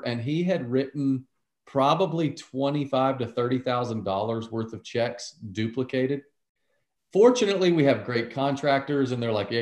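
A man's voice: mid-range voice, darkish tone. A male guest tells a jokey story, teasing as he goes. His voice sits in the middle range, and the recording has a roomy echo. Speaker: podcast guest, businessman. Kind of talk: casual anecdote.

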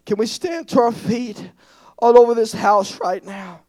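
A man preaching an impassioned sermon in a church, rising to shouts and tearful pleading. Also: high voice, measured pace, no echo, clean studio sound. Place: church sanctuary.

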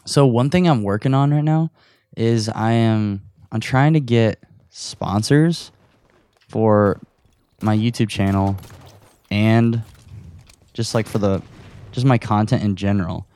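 A man's voice: on the low side, slow, pauses often, a little mellow. A young man hosting a casual solo podcast while playing a video game at home, rambling and self-deprecating, a bit out of breath. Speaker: podcast host. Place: his room at home. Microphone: audio recorder.

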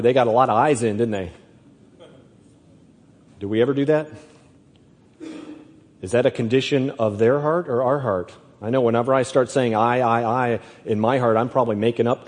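A male preacher delivers a sermon at a deliberate, emphatic pace, often circling back to repeat his phrases. His voice sits in a middle range and carries a long reverb from a large hall. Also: medium pitch, darkish tone.

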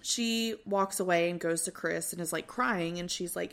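Chatty woman with a lowish voice. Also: moderate pace, vocal fry. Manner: animated, swears freely, acts out quotes. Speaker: podcast co-host. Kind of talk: casual chat recapping a reality show.

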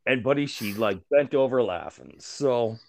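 A man talking at an unhurried, drawn-out pace in loose, casual podcast banter. He rambles and restarts, swears freely and makes fun of himself. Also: medium pitch, lively intonation, vocal fry, darkish tone. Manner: rambling, profane, many restarts and fillers; self-mocking humor. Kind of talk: casual chat.

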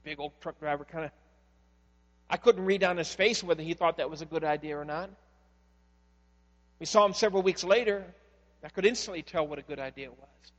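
A high-voiced male pastor preaches a sermon, telling stories and swinging from loud, stressed phrases to hushed ones. His voice rings through a long hall reverb over a faint mains hum. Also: fairly quick, pauses often.

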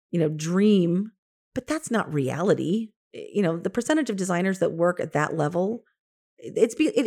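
A woman in her fifties, an interior designer and coach, telling stories from her career in an animated way, laughing often and acting out what she said to others. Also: mid-range voice. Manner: animated, laughs often, quotes herself in lively asides. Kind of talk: casual storytelling.

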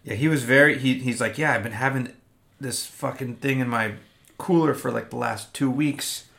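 Gravelly-voiced man chatting casually about beer. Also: mid-range voice. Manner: animated, talks in quick restarts. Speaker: podcast co-host. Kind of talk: casual beer-tasting chat. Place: Austin.

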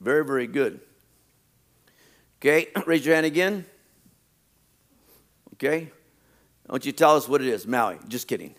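Medium in pitch, animated and fairly bright, this preacher's voice builds with rising emphasis as he repeats his phrases. He works through a list at a slow, deliberate pace.

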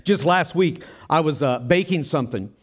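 A man's voice: a little high, expressive, moderate pace, husky. A middle-aged man pastor preaching a sermon in a church in a conversational way, often asking the congregation questions.

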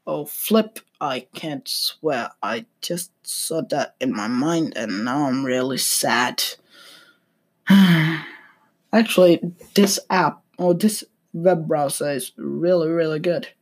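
A young man rambling casually at his computer, hesitant, with dry deadpan humor. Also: fairly high pitch, takes it slowly. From Sweden. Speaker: vlogger. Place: at a computer desk. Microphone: computer mic.

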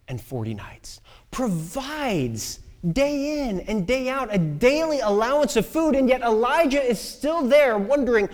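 Male preacher, high lively voice, casual storytelling with fillers. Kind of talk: sermon.

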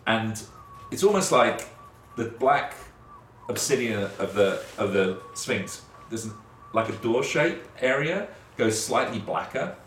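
Male game master, lively descriptive narration, roomy distant sound with faint hiss. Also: mid-range voice, a little slow. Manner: relaxed, descriptive, with hesitant fillers. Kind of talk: narrating a tabletop horror game.

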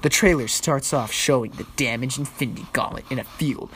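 A man's voice: mid-range voice, brisk. Man, casual podcast chat, reads aloud, picky rants, faint background hiss. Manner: animated, picky ranting, swears freely. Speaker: co-host reading a trailer breakdown.

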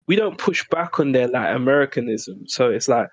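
A young British man co-hosting a casual podcast chat, animated and quick to act out quoted voices, with laughs. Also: medium pitch, dry recording, lo-fi sound. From Britain. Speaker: podcast co-host.

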